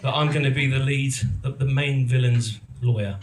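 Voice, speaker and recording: In a roomy event hall, a middle-aged actor and producer from England talks to a live crowd at a moderate pace, his medium-pitched voice holding a steady tone. The sound is reverberant and the background noisy. His telling is casual and meandering, self-deprecating, and full of ums and restarts.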